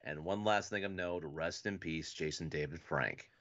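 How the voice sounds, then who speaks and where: A man's voice: low-pitched, moderate pace, fairly bright tone, highs cut off. A man co-hosting a casual podcast, rambling and swearing with lots of fillers. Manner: rambling, profane, many fillers. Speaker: podcast co-host.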